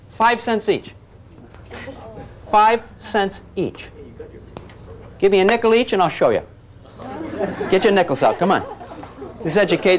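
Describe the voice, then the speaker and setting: Man, physics teacher in a classroom, lively pitch, jokey, coaxing. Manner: jokey, coaxing, calls students gang. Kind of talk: classroom lecture with demonstrations.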